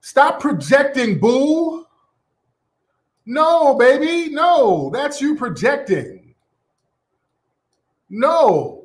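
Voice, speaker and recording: Sassy profane American man, lively pitch. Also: drawn-out words, pauses often. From United States. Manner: sassy, profane, mocking, calls people sweetie and boo. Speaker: commentary channel host. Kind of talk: ranting commentary.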